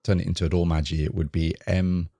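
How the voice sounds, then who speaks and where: Guy with a really low voice, dry close sound, curious, keeps asking the teacher stuff. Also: flat delivery, quick pace, creaky, dark tone, no echo. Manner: curious, asks questions, repeats phrases. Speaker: co-host learning Japanese. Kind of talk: language lesson podcast.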